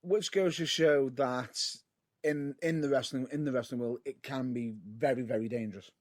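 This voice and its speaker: A man's voice: medium pitch, moderate pace, darkish tone. A man, a wrestler, talking in a rambling way and often repeating himself in a casual interview. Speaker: wrestler co-guest.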